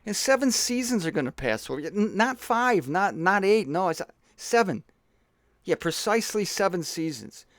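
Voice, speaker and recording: A man's voice: high-pitched, lively intonation, normal speed, a bit bright, no room sound, studio quality, pitched above the performer's own voice. A man voicing a fretful heavenly messenger who stammers, rambles and keeps apologizing. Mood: apologetic. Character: nervous fretting male heavenly messenger.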